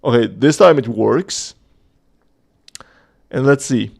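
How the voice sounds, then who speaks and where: Gravelly-voiced man chatting on a livestream. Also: medium pitch, slow, darkish tone. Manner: chatty, joking, reading chat aloud. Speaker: host of a community livestream. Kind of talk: casual livestream chat.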